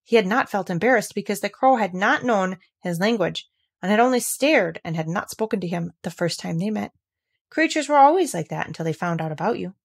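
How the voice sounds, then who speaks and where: Calm woman reading a storybook. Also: medium pitch, creaky, breathy edge. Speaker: audiobook reader. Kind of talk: storybook narration.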